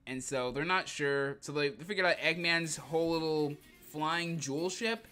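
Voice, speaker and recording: A man's voice: on the high side, normal speed, sharp tone. A man livestreaming a comic reading, joking in heavy slang and laughing often. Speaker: streamer.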